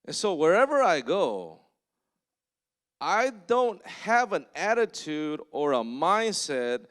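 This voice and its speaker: Animated, higher-voiced male pastor preaching. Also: takes it slowly, clean tone. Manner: storytelling, often checks in with the congregation; blunt and exhortative. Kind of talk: conversational sermon.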